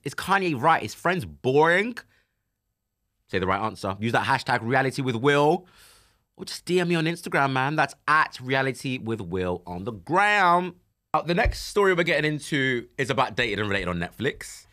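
A man in his twenties hosting a casual chat show, lively and laughing easily, and softer when he speaks of personal loss. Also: mid-range voice. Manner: animated, laughs easily, turns soft and emotional when talking about grief. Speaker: podcast host. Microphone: studio microphone.

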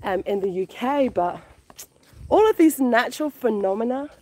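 A woman's voice: a little high, normal speed. Gushing woman vlogging outdoors. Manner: gushing, excitable, repeats words. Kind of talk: casual vlog narration. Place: outdoors in a village.

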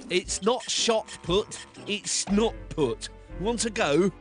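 A man's voice: high voice, takes it slowly. A man narrating a gruesome cautionary tale in a gleeful, theatrical storytelling style. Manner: gleeful, theatrical, relishing the gross details. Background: music.

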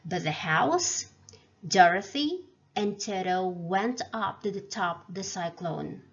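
A woman narrating a storybook read-aloud in a slow, clear reading manner. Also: fairly low pitch, animated, muffled recording.

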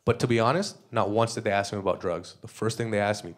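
On a comedy club stage, a young Canadian stand-up talks fast in a lowish voice, keeping his set crude and loose and chuckling at his own jokes. Laughter from the live audience fills the background.

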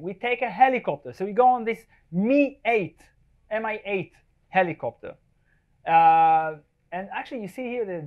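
A man's voice: high voice, dull audio. A man, a wildlife photographer, giving a live slide talk to an audience in a chatty, joking way and often checking in with the listeners. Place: event space before a live audience.

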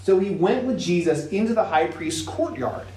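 A man teaching a casual Bible lesson to young adults, retelling the story with lively acted-out voices. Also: sits high, moderate pace. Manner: animated storytelling, acts out voices with laughs.

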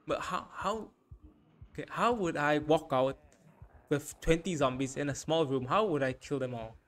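A young man giving frantic gameplay commentary, panicking and repeating short phrases over and over. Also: medium pitch. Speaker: gaming YouTuber.

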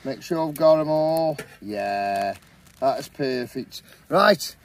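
A middle-aged man chatting in a relaxed, upbeat way as a camping vlogger, talking into a handheld camera outdoors at a campsite. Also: mid-range voice, slow. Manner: chatty, upbeat, says "awesome, mate" often. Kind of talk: casual vlog chat.

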